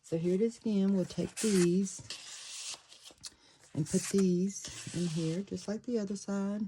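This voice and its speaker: A woman casually talking through a handmade journal, thinking aloud and pausing to fiddle with the pieces. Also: medium pitch, steady tone, dark tone, a little hiss or hum, poor audio. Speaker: paper craft creator. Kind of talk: casual craft flip-through.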